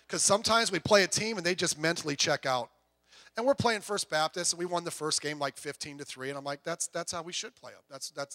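A middle-aged man preaching a sermon as pastor, telling stories with big swings from quiet asides to shouting, often stammering and repeating words. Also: on the high side.

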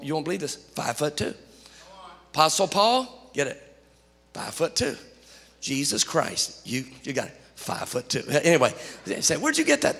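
Male pastor, sermon delivery, bright tense tone, long church-hall reverb. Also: sits high. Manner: animated storytelling preacher, rising to shouts.

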